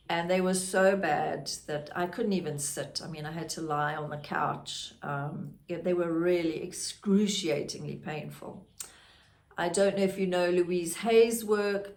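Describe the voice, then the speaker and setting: A woman's voice: on the low side, gravelly. A middle-aged woman, a podcast host candidly telling her personal story in a reflective way. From South Africa. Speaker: podcast host, grief guide.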